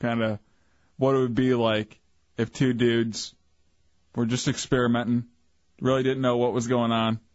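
A male radio co-host setting up a comedy bit in a relaxed, giggly way. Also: medium pitch, moderate pace, pauses often, no echo. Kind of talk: casual radio banter. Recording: lo-fi radio studio with faint music.

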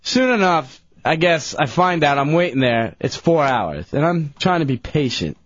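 Young dude, show regular, telling a long story, animated, dry slightly muffled radio sound. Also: male voice, a little high, normal speed, dry recording. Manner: rambling, animated, doing voices. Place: radio studio.

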